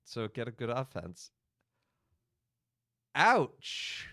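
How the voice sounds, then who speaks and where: A man's voice: medium pitch, wildly swooping pitch, very slow, pushed and bright, no room sound, studio quality. A priest hosting a game livestream, chatting casually with his viewers and laughing often. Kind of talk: casual livestream gaming commentary.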